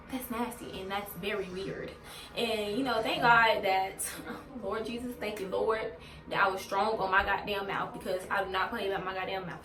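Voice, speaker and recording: A woman vlogger tells a casual storytime rant, venting bluntly and swearing heavily. Her mid-range voice is pushed and bright, and the recording is roomy and distant from the mic.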